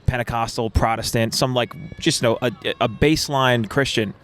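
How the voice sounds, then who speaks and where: A man's voice: medium pitch, steady tone, moderate pace, a bit bright. A young man co-hosting a podcast, telling stories in a rambling, casual way and acting out the voices of the people in them. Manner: rambling storyteller, acts out quoted voices. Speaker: podcast co-host. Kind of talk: casual chat.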